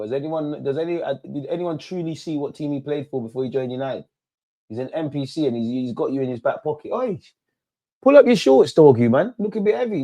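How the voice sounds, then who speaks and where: A young man doing a live football watch-along, shouting at players and the referee in slangy banter. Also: a little high.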